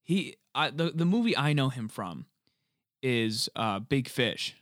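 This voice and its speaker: A young man chatting casually about a movie, animated and joking, swearing freely. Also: medium pitch, no room sound, clean studio sound. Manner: animated, swears freely, quick jokey asides.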